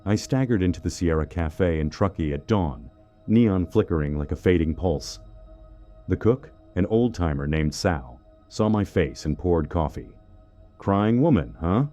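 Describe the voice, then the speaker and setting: Male horror narrator, very deep and mellow, dramatic scripted delivery. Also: expressive, moderate pace, dull audio, soft background music. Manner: dramatic first-person storytelling.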